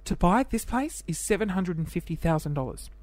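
This high, animated voice belongs to an Australian man in his twenties hosting a casual solo podcast. He talks briskly with no echo, chatty and self-deprecating, hopping from topic to topic.

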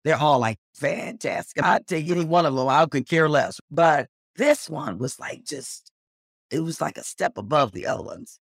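A middle-aged woman telling a story as an interview guest, animated and acting out the dialogue she quotes. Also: moderate pace, no echo, studio quality. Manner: animated, acts out quoted dialogue with big pitch jumps.

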